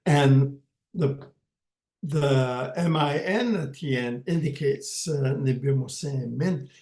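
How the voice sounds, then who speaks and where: A man teaching a language lesson, speaking slowly and patiently in an average-pitched voice. He repeats each word carefully and keeps checking in with his listeners. The room around him is echoey. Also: a little mellow. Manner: slow, patient, repeats words and says "okay" often.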